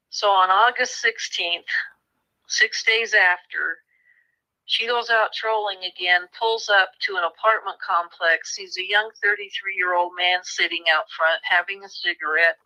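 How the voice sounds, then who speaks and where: Woman, author guest, very bright tone, animated storytelling, acts out quoted voices. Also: on the low side, low-quality recording. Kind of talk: conversational storytelling.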